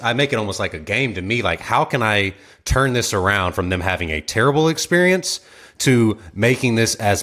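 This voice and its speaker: Low-voiced man hosting, rambling. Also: fairly bright tone. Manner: rambling, searching phrasing with "you know" fillers. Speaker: host. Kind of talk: casual chat.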